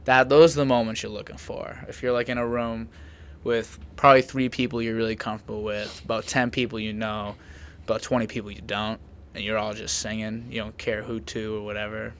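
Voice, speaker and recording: A man's voice: fairly low pitch, level tone, brisk, a bit bright, a little hiss or hum. A young man hosting a podcast in casual chat, rambling with lots of "like" fillers. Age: young adult. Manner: rambling, filler-heavy with frequent "like". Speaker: podcast host.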